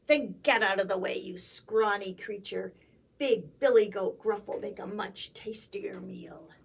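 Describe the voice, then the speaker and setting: A woman's voice: medium pitch, steady tone, a little slow, vocal fry, a bit bright, husky, distant mic, full character voice. A woman voicing a selfish, greedy male troll who roars and growls threats at a storytime reading. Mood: gruff, bullying.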